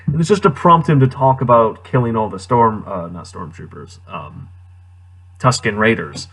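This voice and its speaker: Man, casual movie review vlog, sarcastic, incredulous, mid-pitched voice. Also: expressive, normal speed, fairly bright tone, breathy edge. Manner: sarcastic, incredulous, laughs often.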